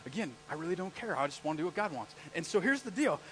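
Preaching live, a man speaks quickly in a fairly high voice, asking his congregation questions and telling stories with lots of energy. The audio quality is poor.

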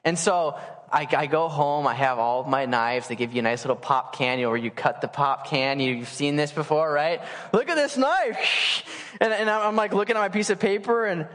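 A man in his late twenties preaching in a casual, animated storytelling way, acting out quotes. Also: a little high, a little fast. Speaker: pastor. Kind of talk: sermon storytelling. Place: church sanctuary. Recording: church hall reverb.

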